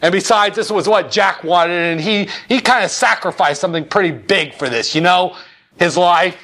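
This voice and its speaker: A man's voice: high-pitched, normal speed, voice pushed up. A man doing a bellowing president. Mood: insistent. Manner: shouting, pleading insistence. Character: blustering older Southern president, forceful.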